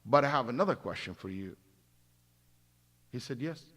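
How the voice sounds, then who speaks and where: A man giving a religious lecture, acting out stories and swinging between loud emphasis and hushed asides. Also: medium pitch, animated, moderate pace. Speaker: imam giving a Quran commentary class. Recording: long hall reverb.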